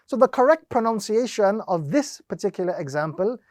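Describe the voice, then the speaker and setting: A man teaching Quran recitation, explaining each rule slowly and step by step, drawing out the example words and repeating the steps methodically. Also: high voice, animated, darkish tone, no echo, studio quality. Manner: slow, deliberate explanation with drawn-out demonstrations. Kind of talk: instructional lesson.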